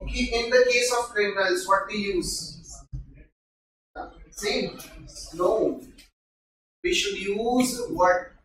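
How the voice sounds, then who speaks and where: A man's voice: sits high, expressive, slow pace, long pauses, fairly bright tone, slight background noise. A man with an Indian English accent teaching a live grammar class, explaining patiently and often quizzing his students. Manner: explains patiently, keeps asking students questions. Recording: echoey room, from far off.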